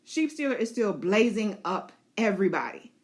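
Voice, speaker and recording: A woman's voice: mid-range voice, big pitch swings, moderate pace. A woman host giving a casual, chatty recap of a TV episode, with laughing asides. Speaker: show host.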